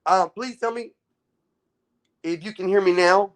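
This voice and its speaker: A man's voice: high-pitched, unhurried, pauses often. A man hosting a casual livestream and talking to his chat, often exasperated, with a lot of swearing. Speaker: livestream host. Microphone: phone.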